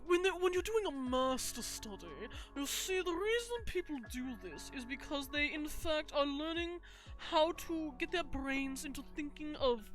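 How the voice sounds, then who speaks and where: A woman's voice: sits high, voice pushed up, lightly acted. A woman putting on a pompous posh British lecturer. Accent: put-on posh British. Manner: overly posh, lecturing with elaborate phrasing. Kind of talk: mock lecture during a live art stream.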